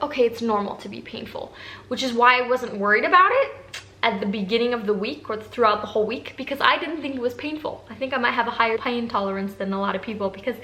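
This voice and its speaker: A woman's voice: on the high side, bright, forceful tone. A young adult woman candidly telling viewers a personal story in casual talk. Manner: candid, emotional, addresses viewers as guys. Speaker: vlogger telling her breastfeeding story. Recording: echoey room with faint background noise.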